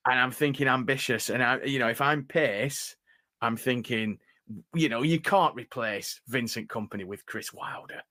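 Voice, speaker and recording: A man's voice: mid-range voice, measured pace, pushed and bright, dry recording, studio quality. A man with a northern English accent hosting a casual football podcast, chatty and laughing easily. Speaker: podcast host.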